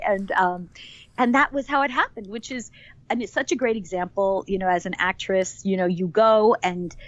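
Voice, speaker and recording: An enthusiastic woman in her fifties, a guest on a podcast, who rambles with plenty of fillers and false starts. Her voice sits at a middle pitch and sounds dry, close and a little dull. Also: no room sound. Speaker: actress guest. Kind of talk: podcast interview.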